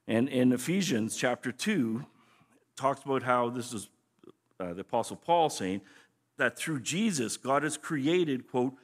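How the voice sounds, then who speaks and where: A man's voice: medium pitch, animated, a little slow. A man teaching scripture as a pastor in a conversational, explanatory way, often restarting his phrases. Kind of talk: sermon teaching.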